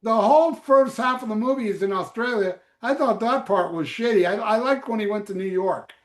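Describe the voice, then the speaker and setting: A man's voice: high-pitched, brisk, echoey room. A man co-hosting a casual podcast, laid-back and blunt, retelling jokes. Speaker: podcast co-host.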